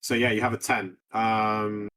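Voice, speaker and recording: A man's voice: lowish voice, flat delivery, unhurried, bright, forceful tone, clean tone. A man narrating a tabletop game as game master, rambling along with many fillers and restarts.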